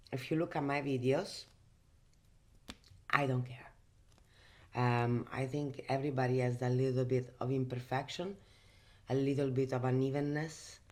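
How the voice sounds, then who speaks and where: A woman from Italy with an Italian accent, chatting casually in a makeup vlog from her bedroom, emphatic and full of fillers. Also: a bass voice. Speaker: host.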